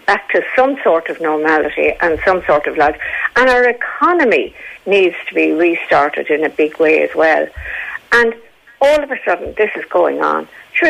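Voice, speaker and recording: Gravelly-voiced older Irish woman. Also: fairly low pitch, a bit bright, low-quality recording. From Dublin, Ireland. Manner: forthright, chatty storyteller. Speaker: radio panel guest. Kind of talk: casual radio chat.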